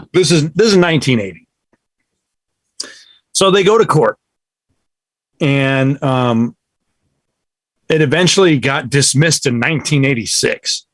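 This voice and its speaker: A man's voice: medium pitch, lively intonation, a little slow, long pauses, no room sound. A man co-hosting a podcast, telling a story in casual chat, with frequent restarts and laughs. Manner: rambling storyteller, restarts, laughs often, swears. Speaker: podcast co-host.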